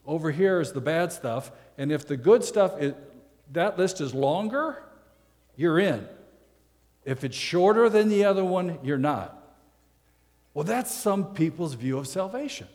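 A man's voice: a little high, lively intonation, unhurried, darkish tone. Man preaching in a reverberant hall. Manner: conversational preaching with rhetorical questions. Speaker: pastor. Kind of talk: sermon.

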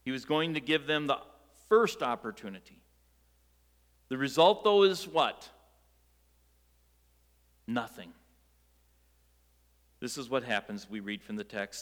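A man preaching a sermon, telling the story in a lively way with rhetorical questions and light jokes. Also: mid-range voice, slow pace, long pauses, big-room sound. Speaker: pastor.

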